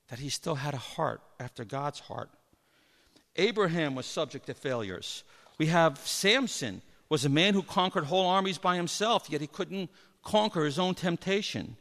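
A man delivers a sermon, telling Bible stories in an animated way. His voice sits a little high for a man. A long reverb trails his words, as in a large hall. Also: moderate pace, vocal fry. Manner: animated storytelling, acts out Bible figures. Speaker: preacher.

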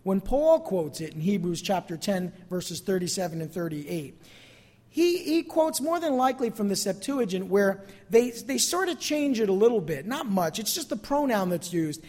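A man preaching a sermon as pastor, expressive and calling out to his congregation for amens. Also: high-pitched, moderate pace, long reverb tail.

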